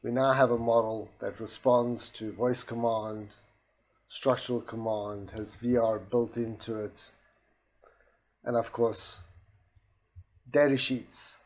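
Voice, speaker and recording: A man walking through a software demonstration in a steady explanatory way, with a soft voice that does not carry far. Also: medium pitch, takes it slowly. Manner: steady explanatory, with restarts and voice commands. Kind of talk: screen-recorded product demo.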